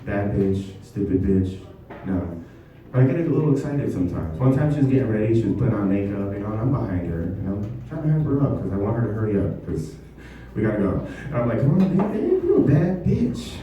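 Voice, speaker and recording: A man doing a stand-up comedy set in a basement venue, talking in a halting, self-deprecating way with many ums. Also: lowish voice, lively intonation, dark tone, lo-fi sound, a little hiss or hum. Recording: echoey basement room, mic from far off.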